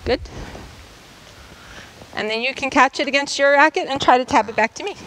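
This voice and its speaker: A woman's voice: high-pitched, moderate pace, a bit bright, a little hiss or hum, poor audio. A woman coach demonstrating tennis drills for a class in a school gym, explaining each step and checking in often. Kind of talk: instructional demonstration.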